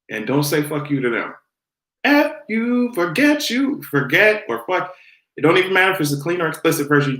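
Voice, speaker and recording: A man's voice: on the high side, a bit bright, roomy sound. A man hosting a casual commentary vlog, sassy and profane, laughing often as he talks. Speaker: host.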